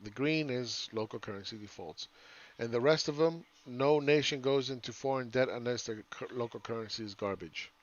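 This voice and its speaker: A man's voice: mid-range voice, moderate pace, few pauses, lo-fi sound. A man giving casual, rambling live chart commentary as a market analyst, often asking "right?".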